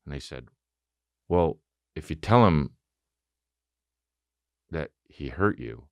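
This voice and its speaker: A man in his thirties hosting a podcast, telling a profane, animated story and acting out both sides of a conversation. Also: extremely low pitch, slow, no room sound, clean studio sound. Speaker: podcast host. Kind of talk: casual comedic storytelling.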